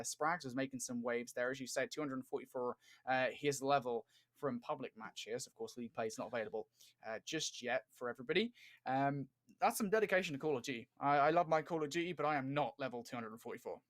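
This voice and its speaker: A man calling a competitive video game match as a commentator, upbeat and jokey as he chats with his co-caster. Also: mid-range voice. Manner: upbeat, jokey, quick to laugh. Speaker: esports commentator. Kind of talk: casual play-by-play game commentary.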